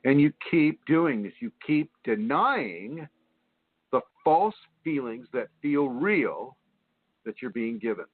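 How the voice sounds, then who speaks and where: A man hosting a spiritual radio talk show, teaching in an animated way, mimicking whiny voices and laughing often. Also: medium pitch, takes it slowly, no room sound. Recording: tinny phone line, dry.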